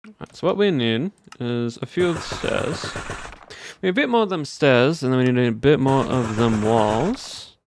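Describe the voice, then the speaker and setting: A man's voice: mid-range voice, expressive, moderate pace, a little hiss or hum. A game streamer chatting casually with viewers in a put-on Southern US drawl, easygoing as he plays. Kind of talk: casual live-stream chat while playing.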